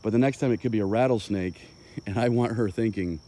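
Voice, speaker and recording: A man's voice: lowish voice, a little fast, mellow. A man, a dog trainer, explaining his methods in a loose, impromptu way on an outdoor walk, thinking aloud with plenty of fillers.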